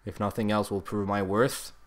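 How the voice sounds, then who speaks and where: A young man giving comedic gameplay commentary in a mock-solemn, grandiose deadpan manner. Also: on the low side, moderate pace.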